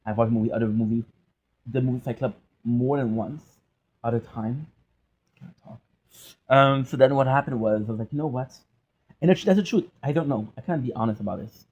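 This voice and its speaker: A man's voice: medium pitch, brisk, a little mellow, husky, dull audio. A young man vlogging in a loose, joking monologue, rambling and cutting himself off, now and then singing bits of songs. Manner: joking, self-interrupting, breaks into singing song lyrics. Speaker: gaming and movie vlogger. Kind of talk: rambling casual monologue with sung snippets.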